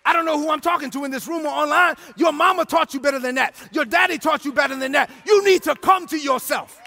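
Pastor, male, high bright voice with gravelly edges, shouting, sing-song sermon delivery. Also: quick pace, some chatter behind. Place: church sanctuary.

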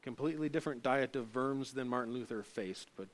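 A middle-aged pastor preaches a sermon fairly quickly, swinging between loud, emphatic stresses and quiet, low asides. A slight hiss or hum is audible.

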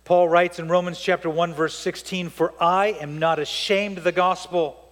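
A man's voice: sits high, fairly even intonation, moderate pace, a bit bright, long reverb tail. A man preaching a sermon as pastor to his church, with emphatic rises and drops.

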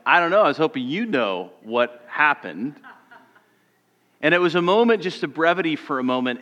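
A pastor preaches in a fairly high voice for a man, and it rings out with a long reverb in the church. He tells his story with feeling, dropping his voice low before swelling again. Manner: storytelling, shifts between loud and hushed. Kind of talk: sermon.

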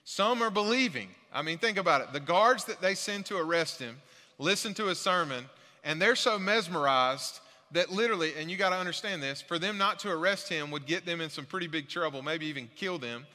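Guy preaching a sermon, kinda high and bright voice, really earnest, lots of hall reverb. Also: animated, brisk. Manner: earnest, emphatic, repeats key points. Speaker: pastor. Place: church sanctuary.

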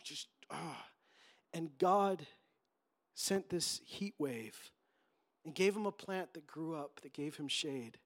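Male pastor, high-pitched, fervent sermon delivery, acts out quotes. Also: animated, takes it slowly. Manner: impassioned, emphatic preaching with acted-out quotes.

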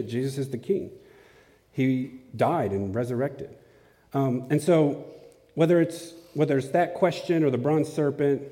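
A man's voice: mid-range voice, warm tone. A man giving a casual, conversational sermon in a church, often checking in with his audience. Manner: casual, asks the audience questions. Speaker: preacher. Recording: long hall reverb.

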